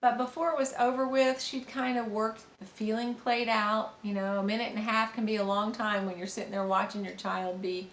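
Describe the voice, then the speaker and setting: Middle-aged woman, soft-spoken parenting teacher, meandering delivery, roomy echo, faint background hum. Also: mid-range voice, level tone, brisk, few pauses. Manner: gentle, rambling, many fillers and restarts. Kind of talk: informal teaching monologue with anecdotes. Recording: echoey room with faint ambient noise.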